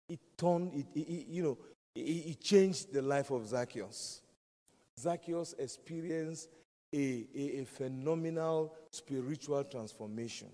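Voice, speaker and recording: A man's voice: a little high, unhurried, dark tone. A man preaching a sermon, emphatic and fond of repeating key phrases. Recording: long reverb of a large hall.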